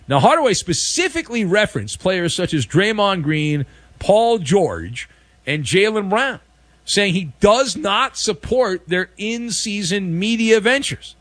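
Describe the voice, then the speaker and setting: Lively high-voiced sarcastic sports host. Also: male voice, normal speed, dry recording. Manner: sarcastic, animated, mocking. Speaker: sports talk show host. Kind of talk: sports talk commentary.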